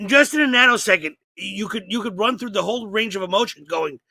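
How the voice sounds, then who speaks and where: A man's voice: high voice, brisk, gravelly, bright, forceful tone, dry recording. A man co-hosting a podcast, chiming in with enthusiastic, profane jokes. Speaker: podcast co-host. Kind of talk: casual chat.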